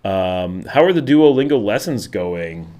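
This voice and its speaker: His voice is fairly low and dark, sing-song and a little slow: a middle-aged man with a Buffalo, Western New York accent hosting a live stream. He chats casually about viewer comments, rambling with many fillers and restarts.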